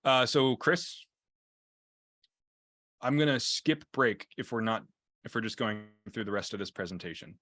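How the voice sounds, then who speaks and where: A man's voice: medium pitch, expressive, a bit bright, dry recording. Casual, restart-prone male EMT instructor. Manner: casual, halting with fillers and restarts. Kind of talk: lecture with anecdotes.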